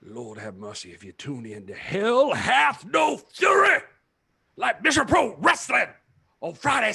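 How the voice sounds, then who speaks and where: A man puts on a fiery Southern Baptist preacher, preaching in loud revival bursts and calling for amens. The voice is bright and forceful, and it swings widely in pitch. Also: creaky, breathy edge, full character voice.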